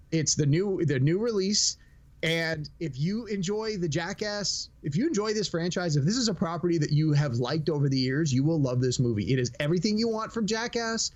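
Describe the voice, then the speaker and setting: With a fairly high voice and a slightly fast pace, a man co-hosts a laid-back podcast, telling lively stories and acting out quotes. The recording sounds muffled.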